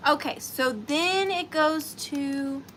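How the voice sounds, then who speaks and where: A woman's voice: sits high, takes it slowly, fairly bright tone, a little hiss or hum. A woman hosting a live online sale, chatting playfully with viewers and calling them by name. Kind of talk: chatty live-stream selling.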